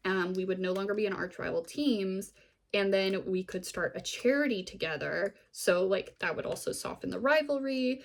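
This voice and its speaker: A woman's voice: medium pitch, normal speed, vocal fry, lightly acted. A woman voicing an earnest young male hockey player as she quotes him in a casual, chatty way during a recap.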